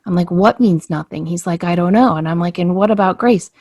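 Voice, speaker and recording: With a lowish voice and a brisk pace, a woman recounts a personal story in a casual podcast chat, animatedly acting out each bit of dialogue. The recording is dry, with clean studio sound.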